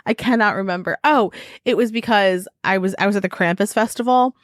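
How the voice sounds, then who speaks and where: A woman's voice: medium pitch, a little fast, no room sound. Chatty woman podcaster, dry close sound. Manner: laughs often, rambling tangents. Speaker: podcast co-host. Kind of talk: casual chat.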